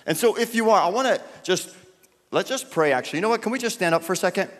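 A man's voice: high-pitched, animated, quick pace, a bit bright, long reverb tail. A young man preaching casually to a church gathering in a loose, chatty way with lots of fillers. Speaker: youth pastor. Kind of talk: casual sermon and prayer. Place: church hall.

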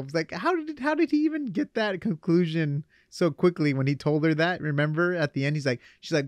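A young man hosting a podcast, chatting casually in an animated way. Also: fairly high pitch, no echo, studio quality. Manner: animated, quick asides and laughs. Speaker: podcast host. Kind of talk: casual chat.

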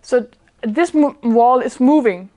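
A woman's voice: fairly high pitch, slow, dark tone. Earnest woman giving a spiritual talk. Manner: earnest, searching, often breaks into laughter. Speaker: spiritual speaker. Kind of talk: informal talk to a small group.

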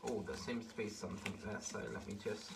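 A man's voice: fairly low pitch, fairly even intonation, brisk. A man casually chatting through an unboxing of model parts, rambling and easily delighted. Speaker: model-building vlogger. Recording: distant mic with clear background noise.

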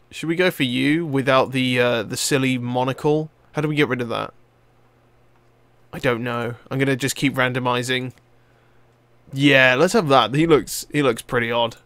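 Excitable young gamer, dry sound. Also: male voice, medium pitch, clear, resonant tone, no room sound. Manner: excitable, rambling, swears casually. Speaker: gaming video host. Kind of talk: let's play commentary.

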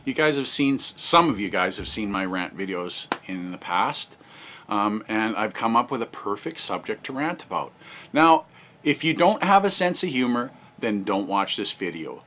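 A man's voice: mid-range voice, pushed and bright. A man doing a comic, profane rant to camera, brash and mocking. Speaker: vlogger.

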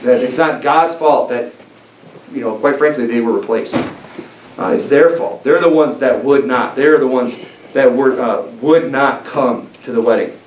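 A man's voice: medium pitch, moderate pace, far from the mic. A man preaching a sermon in a church and reading scripture aloud, speaking emphatically with frequent fillers and restarts. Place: church sanctuary. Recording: echoey church recording from afar, faint noise.

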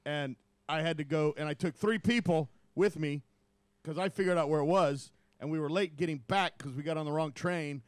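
Man in his fifties, high voice, dry close mic, profane rambling stories. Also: moderate pace, dry recording. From United States. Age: 50s. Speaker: podcast host. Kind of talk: casual storytelling chat.

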